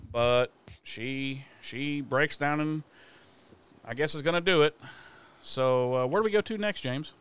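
A man's voice: fairly high pitch, unhurried, fairly bright tone, clean tone. A man casually recapping a TV episode as a podcast co-host, swearing freely and acting out the characters' lines.

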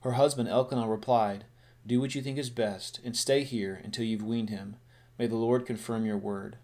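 A man's voice: mid-range voice, steady tone, normal speed, a little mellow. Man reading and preaching scripture. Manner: reads scripture then explains it in plain talk, with restarts.

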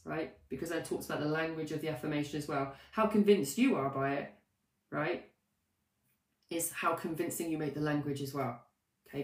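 Woman coach, lowish voice, off-mic in an echoey room; rambling, animated, self-deprecating live talk. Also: recorded from a distance. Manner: chatty and animated, with many fillers, restarts and self-mocking asides. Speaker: life coach. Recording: roomy echo, voice set back from the mic.

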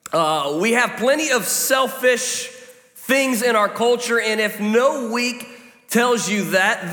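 A man preaching a sermon as pastor, telling stories with joking, lively asides. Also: sits high. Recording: echoey hall.

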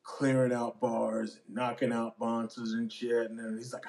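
A young man co-hosting a podcast, backing up the story with quick agreements and laughter. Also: medium pitch, completely flat delivery, gravelly, darkish tone. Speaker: podcast co-host. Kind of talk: casual storytelling chat.

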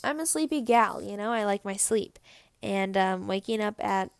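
Teen girl podcaster, chatty and giggly, slight vocal fry, dry close mic. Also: medium pitch, normal speed, no echo. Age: teens. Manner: rambling, giggly, lots of "like". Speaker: podcast co-host. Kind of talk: casual solo podcast chat.

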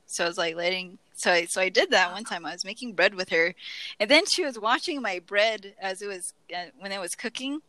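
A woman's voice: medium pitch, fairly quick, pushed and bright, no echo, rough recording. A woman co-hosting a podcast, telling stories casually and acting out quoted lines with laughter. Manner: storytelling with quoted asides and laughter. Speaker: podcast co-host. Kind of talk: casual chat.

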